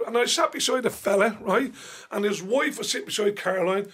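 Older irish guy telling stories, husky voice, pitched fairly high, chatty. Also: a little fast, hardly any pauses, fairly bright tone. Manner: chatty, laughs through his stories. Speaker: guest storyteller. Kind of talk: casual anecdote telling.

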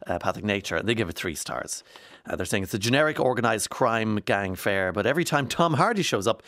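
A man's voice: fairly low pitch, fairly bright tone, dry recording, clean studio sound. A man giving chatty, digressive commentary on the news as a presenter, with many fillers. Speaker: radio presenter.

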